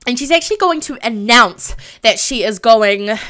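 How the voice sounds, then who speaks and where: A young woman streams a life-sim game live, narrating her characters' drama in a chatty, emotional way and filling pauses with "um". Her voice is bright and forward and sits a touch high. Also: expressive. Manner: chatty, emotional, lots of filler ums. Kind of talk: live let's play commentary.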